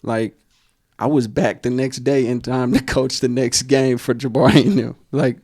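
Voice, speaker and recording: A man's voice: mid-range voice, level tone, normal speed, a little mellow, dry recording, studio quality. A young man, co-hosting a casual podcast and telling a heartfelt personal story full of slang and fillers. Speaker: podcast co-host.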